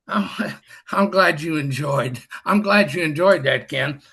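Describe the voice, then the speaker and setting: Older man with a gravelly, bright voice. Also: fairly high pitch, slow, slight background noise. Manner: folksy and self-deprecating, with dry humor. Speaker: past district governor. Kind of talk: storytelling talk on a group call.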